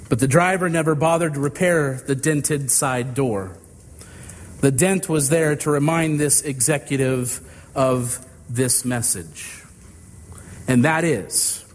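A male pastor preaches in a measured, drawn-out manner, leaning on pauses. His voice sits a little high and moves very slowly. A long reverb trails behind him. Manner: slow, deliberate storytelling with drawn-out phrases. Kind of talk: sermon with illustrative story.

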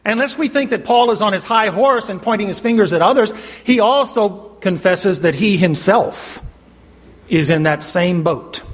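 This high, expressive male voice drives an emphatic sermon full of scripture quotations. He keeps stopping to ask the congregation questions and let them answer aloud, with a long hall reverb around him.

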